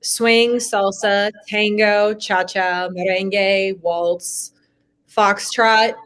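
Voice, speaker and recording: A woman's voice: mid-range voice, fairly even intonation, extremely slow, a bit bright, clear, resonant tone. A woman co-hosting a casual live-stream chat, making wry, bemused comments.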